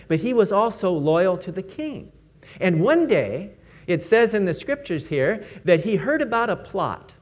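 A man preaching a sermon, emphatic, repeating key words and asking rhetorical questions. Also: high-pitched.

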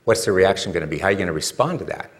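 Conversational male preacher, low voice. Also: lively intonation, rapid-fire. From California. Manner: conversational, rhetorical questions, builds to emphatic peaks. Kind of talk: sermon.

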